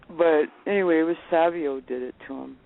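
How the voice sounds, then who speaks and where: A woman telling lively anecdotes as a phone-in guest, laughing often as she talks. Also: deep voice, gravelly. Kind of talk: casual storytelling on a phone interview. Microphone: telephone. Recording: tinny phone line with faint hiss.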